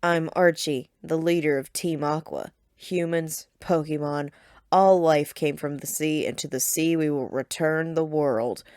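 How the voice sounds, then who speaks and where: A burly pirate gang leader, played by a woman, threatening and condescending. He speaks low and heavy over a dry, close recording. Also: steady tone, measured pace, a little mellow, no room sound. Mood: menacing.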